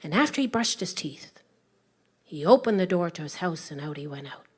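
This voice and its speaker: A woman telling a story to families, animated, swinging between whispers and loud calls. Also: on the low side, normal speed, breathy edge.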